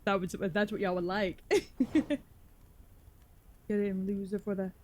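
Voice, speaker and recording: A woman's voice: mid-range voice, little pitch movement, moderate pace, a little mellow. Tired, swearing young woman streamer. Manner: profane, exasperated, grumbling. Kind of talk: casual live-stream chatter while playing. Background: faint music.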